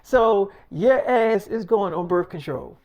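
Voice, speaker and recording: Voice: medium pitch, expressive, takes it slowly, a little mellow. A storyteller voicing a strict, blunt middle-aged mother who scolds and lectures her teenage daughter. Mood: scolding.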